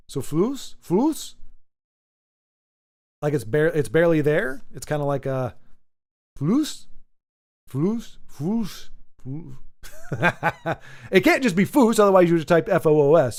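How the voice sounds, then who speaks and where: Playful man chatting on a stream. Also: fairly high pitch. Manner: playful, jokey, answers chat aloud. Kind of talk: casual live-stream chat.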